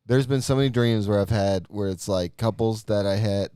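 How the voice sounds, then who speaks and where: A man co-hosting a casual podcast, talking in a relaxed, rambling way with many filler words. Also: on the low side, moderate pace, smooth, no echo, clean studio sound. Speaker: podcast co-host. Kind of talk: casual chat.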